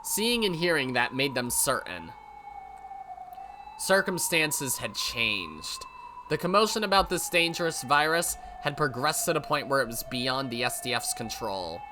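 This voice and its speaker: A man's voice: medium pitch, big pitch swings, unhurried, background noise. A man hosting a let's play, reading a visual novel aloud and breaking in with wry, sarcastic asides.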